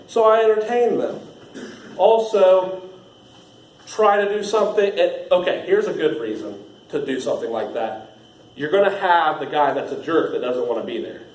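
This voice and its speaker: A man's voice: a little high, a little mellow. Laid-back man, echoey room. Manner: laid-back, rambling, laughs often, many fillers. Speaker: haunt trail actor training new staff. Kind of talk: casual training talk. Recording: echoey room with faint ambient noise.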